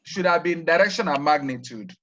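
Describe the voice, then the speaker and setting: A man's voice: on the high side, animated, lo-fi sound, background noise. Male teacher quizzing his class. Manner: prompts students by leaving sentences open with "what?"; repeats key terms slowly and deliberately. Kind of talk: classroom lecture.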